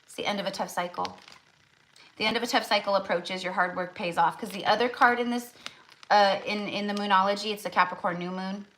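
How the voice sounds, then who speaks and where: A woman talks viewers through a tarot card pull in a loose, rambling way. Her voice is bright and forward, and she keeps starting over and scattering "like" through every sentence. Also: mid-range voice, fairly even intonation, brisk, rough recording. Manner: rambling, full of "like" and restarts. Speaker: tarot reader. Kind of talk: casual tarot reading for viewers.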